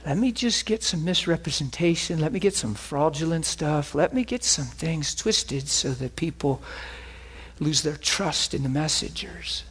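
A preacher voicing a scheming male devil who muses quietly to himself. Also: on the high side, lively intonation, unhurried, breathy edge, voice pushed down, full character voice. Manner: musing, sly.

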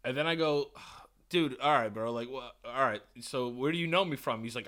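A man's voice: mid-range voice, fairly quick. A man from New York telling a story in casual chat as a podcast co-host, swearing and acting out the people he quotes. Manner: animated, swearing, acts out quotes loudly.

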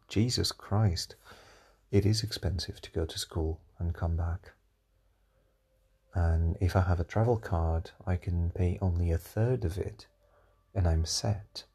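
A man's voice: deep voice, creaky, dark tone, breathy edge. A young adult man with an accent that mixes British, American and Portuguese sounds, musing aloud in a solo podcast from home, sighing and restarting as he goes. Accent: mix of British, American and Portuguese. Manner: musing and rambling, with sighs and restarts. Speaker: podcast host.

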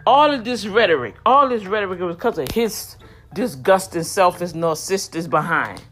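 A woman's voice: lowish voice, expressive, moderate pace, a bit bright. A woman in her fifties giving heated, indignant commentary straight to her viewers, often repeating words as she gets worked up. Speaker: vlogger.

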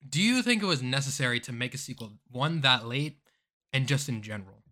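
Bright-voiced man ranting on a podcast. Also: medium pitch, fairly quick. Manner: animated, dramatic outbursts, ranting. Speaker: podcast co-host. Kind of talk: casual podcast chat.

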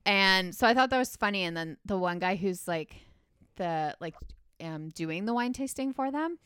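A woman's voice: mid-range voice, expressive, normal speed, a bit bright, clean tone, no echo, studio quality. A woman recapping a movie in casual chat, rambling and full of filler words.

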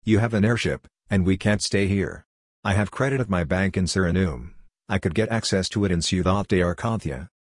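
An earnest, down-on-his-luck prospector with a low, husky voice, put on by an audiobook narrator. He talks plainly and pleads a little. The recording is close and dry. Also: fairly quick, dry recording.

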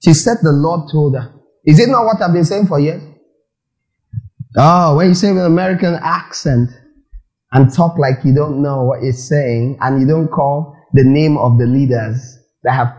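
A male preacher delivers an animated sermon, throwing rhetorical questions at his listeners. His voice sits a little high for a man, yet the tone is dark and mellow. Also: normal speed, muffled recording.

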